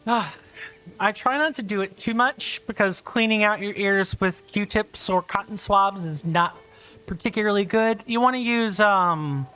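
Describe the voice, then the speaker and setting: A woman's voice: medium pitch, unhurried, a bit bright, smooth, faint music behind. A woman streaming a video game from her home office, chatting in a rambling, self-deprecating way. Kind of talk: casual livestream chat.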